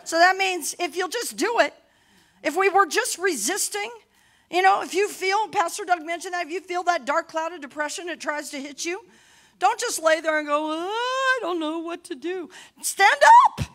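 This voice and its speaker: A middle-aged woman pastor preaching a sermon boldly, rising to shouts between laughing asides. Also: very high voice, moderate pace.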